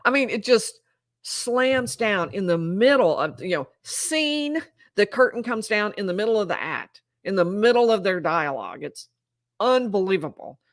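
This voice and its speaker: A woman giving animated, incredulous commentary while recapping trial testimony and acting out quoted dialogue. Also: medium pitch, normal speed, no echo, studio quality. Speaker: legal commentator.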